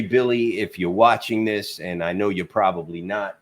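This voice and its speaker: A man's voice: low-pitched, normal speed, hardly any pauses, slight background noise. A man hosting a casual trucking talk show over a video call, blunt and teasing, with plenty of swearing and "uh" fillers. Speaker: podcast host. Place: Queens, New York.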